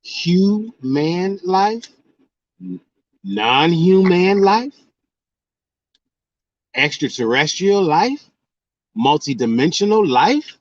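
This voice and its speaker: A man in casual spiritual chat, animated and preachy, firing off rhetorical questions. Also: high-pitched, drawn-out words, pauses often, no echo, muffled recording.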